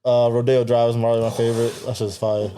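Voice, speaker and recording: A man co-hosting a podcast, animated and often laughing. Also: medium pitch, fast, a little hiss or hum, rough recording. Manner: laughs often, animated, quotes others in mocking voices. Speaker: podcast co-host. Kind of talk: casual chat.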